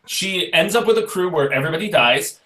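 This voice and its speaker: Man, slightly high voice, rambling, many fillers, echoey room, video call. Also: expressive, fairly quick, a bit bright. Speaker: co-host. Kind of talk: casual group chat.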